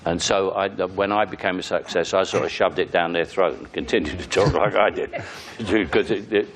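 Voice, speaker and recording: A man's voice: low voice, fairly even intonation, brisk, a little hiss or hum. An older man with a London accent, a guest talking bluntly in an interview and laughing as he goes. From England. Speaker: actor guest. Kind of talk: casual interview.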